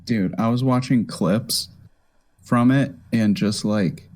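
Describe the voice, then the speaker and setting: Young male co-host, lowish voice, excited casual chatter. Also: slow pace. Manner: excited, says "dude" a lot, laughs often. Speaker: podcast co-host. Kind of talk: casual chat.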